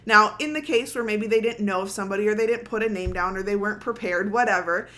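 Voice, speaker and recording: A middle-aged woman giving an energetic coaching talk at a conference, often checking in with "okay?" and acting out cheerful greetings. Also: mid-range voice, fast talker. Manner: energetic, upbeat, frequent "okay?" check-ins; acts out cheerful front-desk greetings. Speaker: conference presenter. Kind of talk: coaching talk to a live audience.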